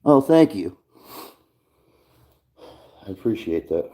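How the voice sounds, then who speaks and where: A man's voice: fairly low pitch, sing-song, slow pace, warm tone. A man hosting a casual livestream from his garage, talking in a rambling, laid-back way and swearing often. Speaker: livestream host.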